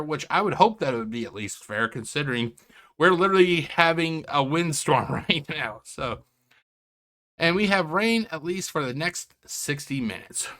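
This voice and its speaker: A man hosts his own reaction stream from home, rambling and sarcastic, cutting himself off mid-sentence. His voice sits fairly high and bright. It swings up and down a lot. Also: lively intonation, moderate pace. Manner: sarcastic, rambling, self-interrupting. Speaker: react channel host. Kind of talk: casual commentary. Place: home, indoors.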